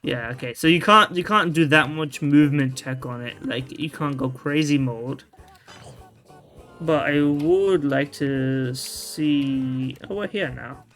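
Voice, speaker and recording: A man's voice: a little high, takes it slowly, fairly bright tone. A man giving casual gameplay commentary, rambling and restarting his sentences, with loose slang and the odd swear word. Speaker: video game streamer. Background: faint game music.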